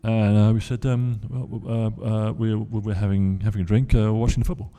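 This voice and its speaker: A man's voice: fairly low pitch, little pitch movement, moderate pace, warm tone. A man on a convention panel telling a long anecdote to a live audience, with restarts and acted-out quotes. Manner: rambling storyteller with restarts, acts out quoted voices. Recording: hall reverb.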